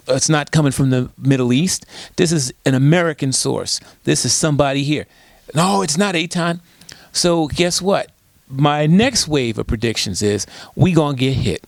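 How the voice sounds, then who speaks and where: A man's voice: mid-range voice, dry recording. A man speaking as a guest in an interview, telling stories emphatically and asking rhetorical questions. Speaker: guest, disaster preparedness expert. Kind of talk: conversational interview.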